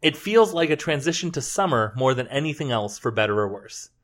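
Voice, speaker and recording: A young man chatting casually as a co-host, medium-pitched and easygoing. He rambles through his jokes and backtracks to fix himself as he goes. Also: animated, brisk, a bit bright. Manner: joking, rambling, self-correcting. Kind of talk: casual chat.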